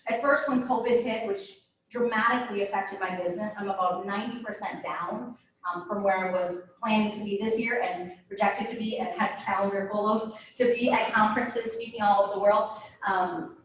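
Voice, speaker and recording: Middle-aged woman, motivational speaker, fairly high voice, distant mic in a very echoey room. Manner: asks the audience many questions. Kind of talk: motivational talk to an audience. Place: room with a live audience. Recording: roomy echo from far off.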